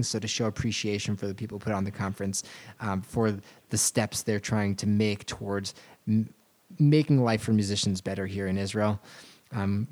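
A man's voice: on the low side, darkish tone. A man from Virginia co-hosting a podcast, chatting casually and rambling with fillers and restarts. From Virginia, USA. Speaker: podcast co-host.

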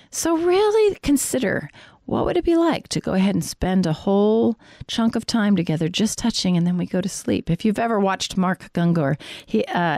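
Woman counselor talking straight to couples, earnest and coaching, mid-pitched voice, dry sound. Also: gravelly, darkish tone, dry recording. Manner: earnest, direct coaching talk. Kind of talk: faith-based teaching on marriage intimacy.

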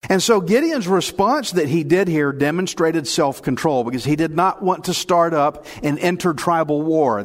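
A man preaching a sermon, talking earnestly and conversationally as he reads and explains scripture and acts out voices. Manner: drops low and soft in prayer. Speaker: pastor teaching the Bible. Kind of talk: sermon with prayer and Bible reading.

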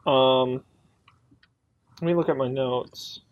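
A man's voice: medium pitch, steady tone, slow, no echo, highs cut off. A man playing in a tabletop game, chatting casually with dry, self-mocking remarks. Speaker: player.

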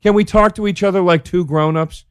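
Male podcast host, slightly high voice, profane comedic ranter. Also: steady tone, brisk, clean tone, no echo, studio quality. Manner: ranting, profane, exasperated. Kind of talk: casual comedic monologue.

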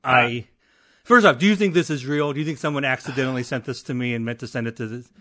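A man's voice: mid-range voice, quick pace, bright, forceful tone, no room sound. Dry-joking man hosting a chat. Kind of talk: casual chat.

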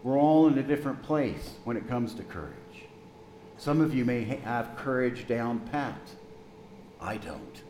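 A man in his sixties, a pastor preaching a sermon, telling a story gently and slowing down for emphasis. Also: medium pitch, lively intonation, echoey room, slight background noise, rough recording.

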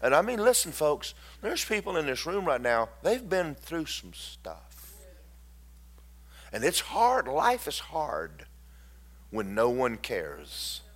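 A man preaching a sermon, swinging from loud declarations to hushed, tender storytelling. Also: a little high, huge pitch swings, takes it slowly.

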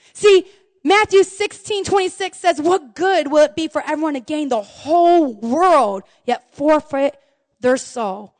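A middle-aged woman pastor preaching a lively, folksy sermon, swinging from hushed asides to shouted excitement. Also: sits high, no room sound. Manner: folksy, says "y'all" and "man".

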